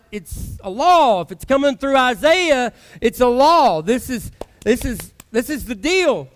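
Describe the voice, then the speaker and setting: A male pastor preaching a sermon in a conversational, emphatic style with dramatic pauses. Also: very high voice, a bit bright.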